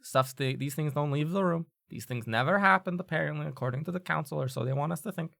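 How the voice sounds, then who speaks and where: A game master voicing a stern, weary woman professor in a tabletop game, speaking dryly and deliberately. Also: medium pitch, vocal fry, fairly bright tone, no echo. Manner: dry, deliberate, exasperated.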